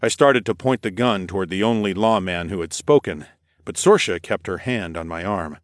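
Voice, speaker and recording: A man narrating a first-person adventure audiobook in a steady, measured way. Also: low voice, no echo, clean studio sound.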